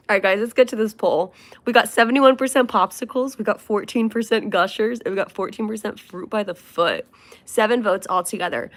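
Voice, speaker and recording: A woman's voice: mid-range voice, a little fast. A young woman hosting a casual livestream, chatting in a rambling way with frequent fillers and laughs. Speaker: livestream host.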